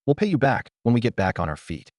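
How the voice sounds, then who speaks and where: Man doing a desperate sister, pleading, lively pitch, dry close sound. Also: quick pace, no echo, close to an everyday voice. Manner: pleading, then furious.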